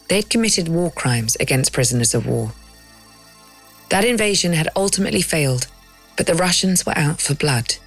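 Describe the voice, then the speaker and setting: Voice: mid-range voice, fairly bright tone. A documentary narrator reading a scripted story with dramatic pacing and rhetorical questions.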